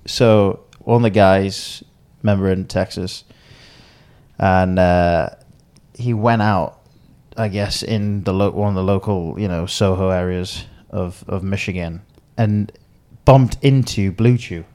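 A man's voice: deep voice, slow, a little mellow. Laid-back young Englishman spinning a yarn. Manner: rambling, laughs often, acts out quotes. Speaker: podcast co-host. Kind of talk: casual storytelling chat.

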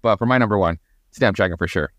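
A man's voice: fairly low pitch, quick pace, no echo. A man co-hosting a podcast, rambling enthusiastically with lots of fillers and casual swearing. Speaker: podcast co-host.

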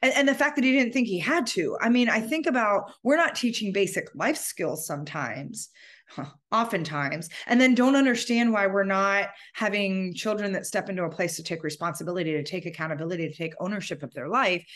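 A woman's voice: mid-range voice, a little fast, a bit bright. A woman hosting a solo podcast, talking in an earnest, emphatic, heartfelt way. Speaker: podcast host.

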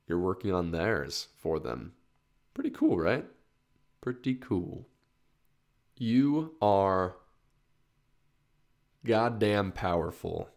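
A man hosting his own solo podcast in a casual, rambling way, swearing freely and laughing at himself as he gets fired up. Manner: rambling with restarts, excited rises in pitch. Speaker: podcast host.

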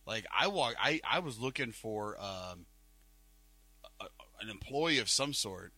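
A man's voice: fairly low pitch, animated, a little slow, pushed and bright, husky, no echo. A man co-hosting a podcast, telling a rambling story in casual chat, full of fillers and restarts. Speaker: podcast co-host. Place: Cleveland, Ohio.

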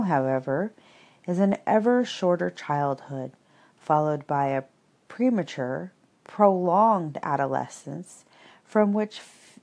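A woman narrating an audiobook of reflective prose in a calm, wry, measured way. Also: deep voice.

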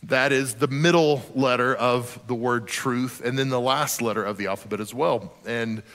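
A man's voice: medium pitch, moderate pace, fairly bright tone, big-room sound. A man, a pastor, preaching a sermon in a conversational, emphatic way with casual asides.

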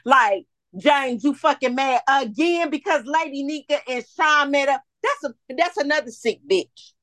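Woman guest, raised pitch, heated profane ranting, dry close sound. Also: measured pace, a bit bright, dry recording. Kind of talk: casual chat.

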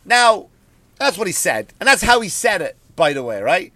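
An Irish comedian tears through a story in a profane, animated rant. His voice sits a bit higher than most men's. The sound is dry and close, recorded at home. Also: a little fast, no room sound. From Ireland. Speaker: comedian and podcast host.

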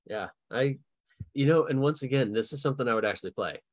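A man's voice: mid-range voice, no echo. A man co-hosting a podcast and serving as dungeon master, chatting animatedly and laughing often as he brainstorms characters. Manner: animated, laughs often, acts out quick bits of dialogue. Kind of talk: casual podcast chat about building game characters.

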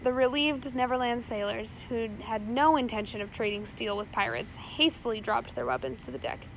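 A woman's voice: a little high, animated, normal speed, slight background noise, rough recording. A woman narrating an adventure story aloud, reading steadily with occasional slips and restarts.

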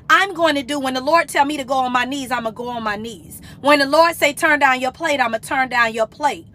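A woman's voice: high-pitched, bright, forceful tone, dry recording, studio quality. A woman hosting a motivational faith talk, earnest and emphatic, firing off rhetorical questions. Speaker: podcast host.

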